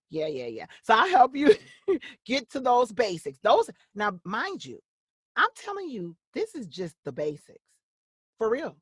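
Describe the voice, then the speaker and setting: Lively middle-aged woman coaching. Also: mid-range voice, unhurried, husky, dry recording, clean studio sound. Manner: animated, acts out quoted voices. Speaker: voice-over actress and coach. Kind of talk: interview conversation.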